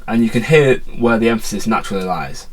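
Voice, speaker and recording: A man explaining how to set lyrics to a melody in a relaxed online music lesson, counting beats aloud. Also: on the low side, quick pace. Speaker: guitar and songwriting teacher.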